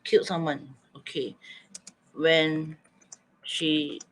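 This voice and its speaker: A man's voice: a little high, level tone, slow, poor audio. Man coaxing an online writing class. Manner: coaxing, thinking aloud, repeating students' answers. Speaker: teacher.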